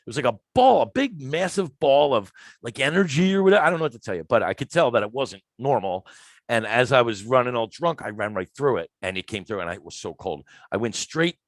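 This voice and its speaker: A man tells a story on a podcast, his pitch swinging widely as he acts out each part. His delivery is emphatic and animated. The recording is close and dry, with no room sound. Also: a little fast, dry recording. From Philadelphia, USA. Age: 50s. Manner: lively, emphatic, acts out quoted lines. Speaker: guest storyteller. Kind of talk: casual storytelling.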